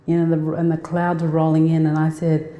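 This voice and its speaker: A woman's voice: deep voice, completely flat delivery, a little fast, mellow. A woman, giving a heartfelt, conversational talk as a guest speaker and telling personal stories with many restarts. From Australia. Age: 40s. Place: lecture hall. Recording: echoey lecture hall reverb.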